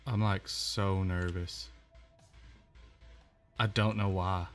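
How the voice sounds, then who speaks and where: A man giving casual let's-play commentary on a horror game, chatty and quick to exclaim, often repeating himself. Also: low voice, flat delivery, faint music behind. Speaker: gamer playing a horror game.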